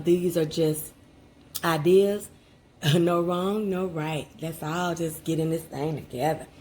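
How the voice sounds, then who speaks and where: Warm, low-voiced woman cooking at home. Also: a little hiss or hum. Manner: chatty and heartfelt, addresses viewers directly. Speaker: cooking channel host. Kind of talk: casual cooking vlog.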